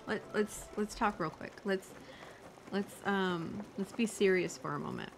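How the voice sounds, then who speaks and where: A young woman playing a game on stream, excitable and foul-mouthed, gasping and exclaiming as she goes. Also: medium pitch, unhurried. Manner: excitable, swears freely, gasps and exclaims. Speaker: gaming streamer. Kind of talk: casual gameplay commentary. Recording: game music loud behind voice. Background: game music.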